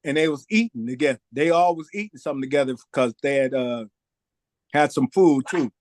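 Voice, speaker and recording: A man's voice: mid-range voice, fairly quick. A middle-aged man, telling a story in a casual interview and acting out the voices of the people in it. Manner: animated, acts out quoted voices, says "man" a lot. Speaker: record producer guest.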